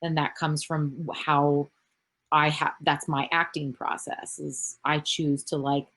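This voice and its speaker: A woman's voice: sits low, little pitch movement, slow, fairly bright tone. Chatty rambling Canadian woman. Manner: chatty and rambling, frequent fillers, casual swearing. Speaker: actress panel guest. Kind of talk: casual fan Q&A on a virtual panel. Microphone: video call.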